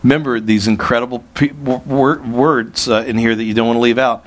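A man's voice: medium pitch, fairly even intonation, brisk. A male pastor preaching a sermon in an earnest way, asking rhetorical questions.

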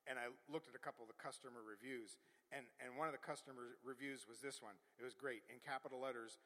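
A man's voice: mid-range voice, animated, moderate pace, long pauses, pushed and bright. A middle-aged male preacher giving a sermon, building rhythmic repeated proclamations and chuckling at his own asides. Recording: long hall reverb.

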